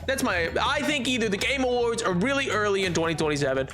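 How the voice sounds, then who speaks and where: High-voiced man rambling casually on stream. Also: expressive, quick pace, music in the background. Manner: rambling, frequent restarts and stammers. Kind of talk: casual chat with stream chat while gaming. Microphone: headphones on while streaming.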